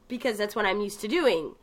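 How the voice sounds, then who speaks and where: A woman chatting casually about video games, telling the story with lively asides and quick mimicked voices. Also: mid-range voice. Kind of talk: casual gaming chat.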